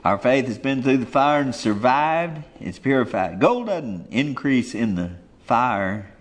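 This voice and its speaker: A man preaching a sermon in a folksy, emphatic way, swinging between loud and hushed lines. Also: mid-range voice, sing-song, measured pace.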